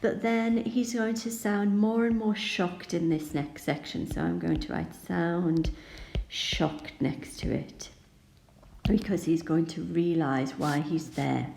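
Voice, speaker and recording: A woman teacher explaining how to annotate a poem, calm and explanatory, reading lines of verse aloud. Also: fairly low pitch, takes it slowly, gravelly, reverberant, slight background noise, low-quality recording. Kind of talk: poetry annotation lesson.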